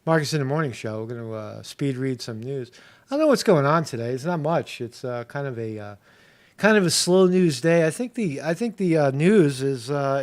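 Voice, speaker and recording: A man hosting a casual morning livestream, rambling loosely with many fillers and restarts and greeting viewers in the chat by name. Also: medium pitch. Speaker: livestream host.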